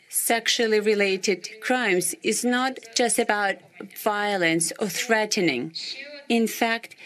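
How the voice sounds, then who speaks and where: Woman, team member, formal commentary: earnest, emphatic, steady. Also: mid-range voice.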